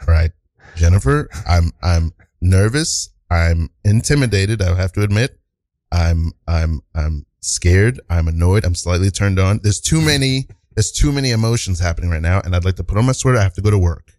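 Man doing a nervous husband, stammering, lowish voice, dry sound. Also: moderate pace, a little mellow, dry recording, natural voice. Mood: flustered. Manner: stammering, flustered. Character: nervous shirtless husband, flustered.

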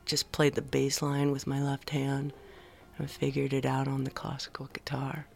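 A woman's voice: rumbling low, completely flat delivery, gravelly, faint music behind. A middle-aged woman with a Valley girl accent, a musician guest in a casual radio interview, talking in a drifting, hesitant way. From the San Fernando Valley, California. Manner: slow, drifting, hesitant with many ums and soft trailing asides.

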